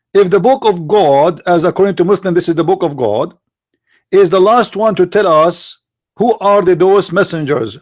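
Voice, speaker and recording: Mocking, taunting man with a higher voice. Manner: sarcastic, taunting, rhetorical questions. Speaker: live-stream host debating callers. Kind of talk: mocking polemic monologue.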